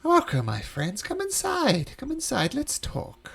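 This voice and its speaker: A man's voice: extremely high pitch, wildly swooping pitch, a little slow, creaky, fairly bright tone, breathy edge, pitched above the performer's own voice, full character voice. A man voicing a sly unseen creature that coaxes visitors inside with a wheedling manner. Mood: coaxing. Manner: wheedling, coaxing.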